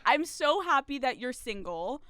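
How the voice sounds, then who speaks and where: High smooth-voiced girl hosting a podcast, teasing and brash, dry close mic. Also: very animated, a little slow, a bit bright, dry recording. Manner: brash, teasing, swears freely. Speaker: podcast host. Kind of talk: casual podcast chat.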